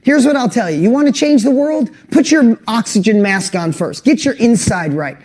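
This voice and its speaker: A middle-aged man hosting an online course webinar, talking earnestly and emotionally and getting louder on rallying lists. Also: very high voice, expressive, normal speed. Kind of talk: motivational webinar talk.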